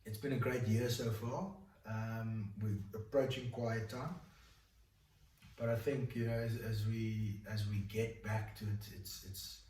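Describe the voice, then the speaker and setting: A man's voice: fairly low pitch, steady tone, a little slow, a little mellow. A South African man giving a candid personal testimony in conversation, telling it in an informal, rambling way with many fillers and restarts. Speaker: guest telling his faith story. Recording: echoey room, voice picked up from a distance.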